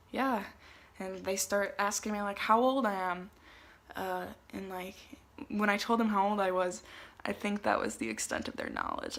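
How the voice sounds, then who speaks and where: A young woman recounts her travel days in a loose, chatty vlog voice. Her tone sits at a middle pitch with a gravelly fry running through it. She keeps stories moving with plenty of fillers and animated asides. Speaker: vlogger. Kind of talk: casual storytelling to camera. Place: travel spots in Italy, some clips outdoors.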